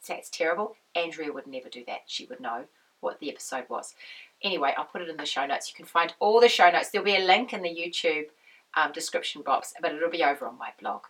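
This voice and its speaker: A woman with a slightly low, croaky voice chats to her viewers. She rambles easily and drifts into tangents. She sits a little way back from the microphone. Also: lively intonation, brisk, a bit bright, far from the mic, rough recording. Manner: chatty, rambling, goes off on tangents. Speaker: knitting podcast host. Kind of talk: casual chat to camera.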